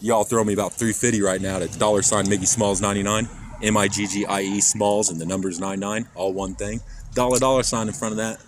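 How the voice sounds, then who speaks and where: A man's voice: fairly low pitch, flat delivery, brisk. Rambling man streaming from noisy street. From Kansas, USA. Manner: rambling, profane, talks straight to chat. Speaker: IRL streamer. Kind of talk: casual live-stream chat while walking. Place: outdoors on city streets. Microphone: handheld phone. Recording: phone stream with loud street noise. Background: traffic and street noise.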